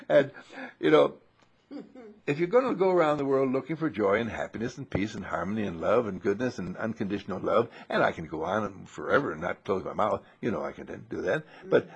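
A man's voice: on the low side, breathy edge, muffled recording. A man giving a rambling spiritual monologue full of little acted stories, laughing often as he talks. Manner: rambling, warm-humored, laughs often, restarts. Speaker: inspirational speaker.

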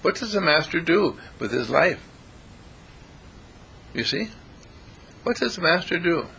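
A man's voice: fairly high pitch, measured pace, creaky, slight background noise. A man preaching a sermon, telling stories and acting out the characters in them. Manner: animated, acts out characters in the stories. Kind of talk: sermon with storytelling.

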